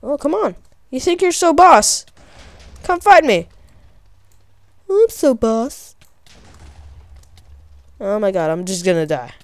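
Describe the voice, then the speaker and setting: A woman giving excitable, profane commentary while playing a game, often shrieking in panic. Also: medium pitch, moderate pace, dry recording. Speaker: gamer. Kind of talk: let's play commentary.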